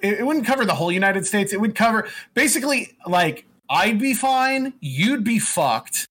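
A man in casual chat, recapping a video game story in a rambling, profane way and dropping into quick put-on voices. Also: high voice, expressive, fairly bright tone, husky.

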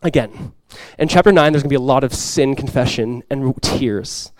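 A male pastor preaching a sermon to his congregation, swinging from loud, impassioned lines to quiet, soft ones. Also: medium pitch, moderate pace, dry recording. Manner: impassioned preaching, swells loud for quoted cries then drops soft. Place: church sanctuary before a congregation.

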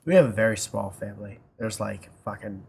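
A man's voice: lowish voice, a little fast, creaky, darkish tone, slight background noise. A man co-hosting a casual chat show, telling a long rambling family story with teasing asides and casual swearing. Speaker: podcast co-host.

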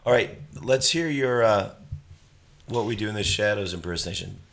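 A man's voice: on the low side, normal speed, creaky, fairly bright tone. A man hosting a podcast, teasing his guests in a dry, sarcastic way. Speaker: podcast host. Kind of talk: casual podcast banter.

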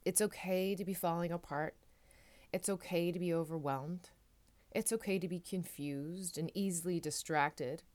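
Gentle reassuring woman podcaster, lowish voice. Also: normal speed. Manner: gentle, reassuring, repetitive affirmations. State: tearful at times. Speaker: podcast host. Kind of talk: heartfelt solo podcast talk.

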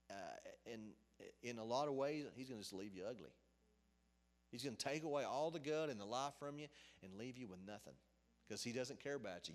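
A middle-aged man giving an informal sermon in a conversational, rambling way, with asides and restarts. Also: mid-range voice. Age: middle-aged or older. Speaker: preacher. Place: office. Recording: long hall reverb.

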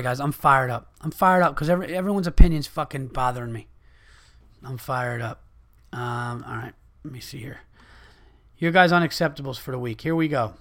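Fired-up swearing man, gravelly voice. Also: medium pitch, a bit bright. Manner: heated, swearing, restarts often. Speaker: podcast host. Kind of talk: profane comedic rant.

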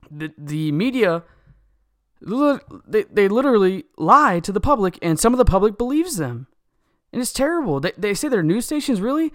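A man's voice: high-pitched, very animated, normal speed, fairly bright tone, no room sound, clean studio sound. A young man delivering a solo opinion rant, agitated and indignant, often repeating words and restarting sentences. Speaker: political commentator.

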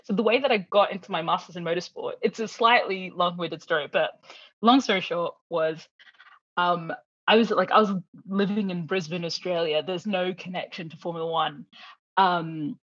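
A woman guest telling a long story in casual chat, animated, laughing often and acting out the people she quotes. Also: fairly low pitch, normal speed, husky, dry recording, dull audio.

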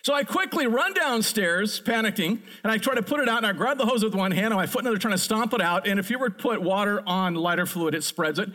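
Middle-aged male pastor, high voice, lively storyteller building to excited peaks. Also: quick pace, few pauses. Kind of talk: sermon with a personal story.

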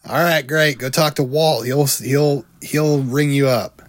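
A man playing a busy middle-aged male shop-owner filmmaker, gruff and profane in an improvised podcast bit. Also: medium pitch, fairly even intonation, a little slow, close to an everyday voice. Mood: brusque.

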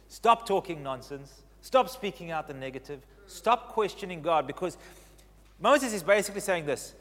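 A man preaching a sermon as pastor, stressing key phrases by repeating them and swinging between loud declarations and hushed lines. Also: on the high side, animated, a little slow, long pauses, big-room sound.

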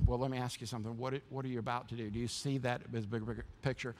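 A man's voice: medium pitch, level tone, rapid-fire. A man preaching a sermon as pastor, impassioned and emphatic, often repeating words as he restarts.

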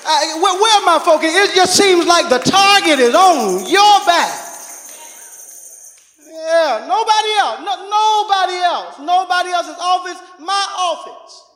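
A man's voice: very high-pitched, animated, unhurried, bright, forceful tone. A male pastor preaching a sermon, calling out to his congregation and laughing as he tells a story. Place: church sanctuary. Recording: echoey hall.

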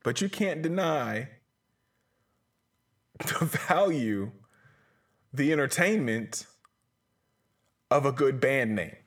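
Slow-talking, profane podcast host man. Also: medium pitch, expressive, fairly bright tone. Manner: profane, self-mocking, rambling. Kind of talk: solo rambling podcast monologue. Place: small closet studio.

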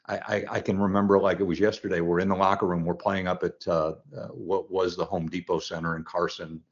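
Older guy, really deep voice, thoughtful coach talking it through, kinda muffled audio. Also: little pitch movement, a little fast. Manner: reflective, earnest storytelling. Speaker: football coach. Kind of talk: podcast interview guest. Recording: dull lo-fi sound.

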